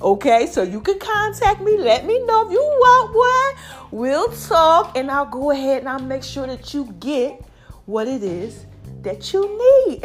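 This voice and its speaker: A middle-aged woman in a casual motivational vlog, chatty and animated, repeating catchphrases, her voice a little deepened by allergies. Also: measured pace, soft background music. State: voice a bit deep from allergies. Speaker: online personality talking to followers.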